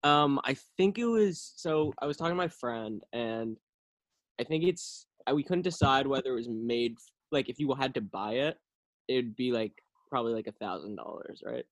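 A man's voice: mid-range voice, expressive, moderate pace, no room sound. A young man chatting casually as a guest, teasing and playfully sarcastic. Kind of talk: casual improv chat.

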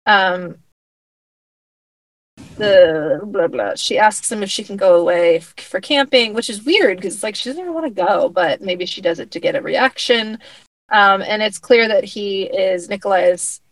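A woman casually recapping a TV episode with a friend, retelling scenes with quick acted-out quotes and laughter. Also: mid-range voice, no echo, poor audio. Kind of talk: casual chat recapping a TV show.

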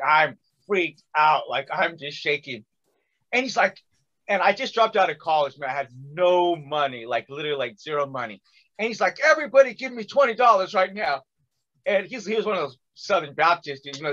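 A man's voice: fairly high pitch, muffled recording. A man telling a long personal story in casual conversation, acting out quotes with lots of fillers. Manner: animated, acts out quotes with many fillers.

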